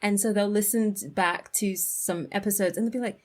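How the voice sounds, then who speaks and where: A woman's voice: medium pitch, steady tone, fairly quick. A woman hosting a podcast, with a British accent touched by Zimbabwean speech, laughing often and wandering into tangents while she asks questions. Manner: giggly, warm teasing, rambling tangents. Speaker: podcast host. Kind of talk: casual interview.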